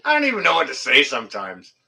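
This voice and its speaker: A man's voice: medium pitch, wildly swooping pitch, fast talker, bright, forceful tone. A middle-aged man hosting a casual livestream, rambling and joking as he reads viewer comments, with mild swearing. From Canada. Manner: rambling, joking, swears mildly, laughs at chat. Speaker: livestream host. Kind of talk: casual live chat reading viewer comments.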